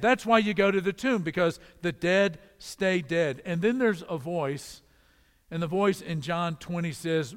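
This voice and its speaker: Dynamic male preacher in a big hall. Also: unhurried. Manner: dynamic, swings between loud emphatic calls and quiet low storytelling. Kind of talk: sermon.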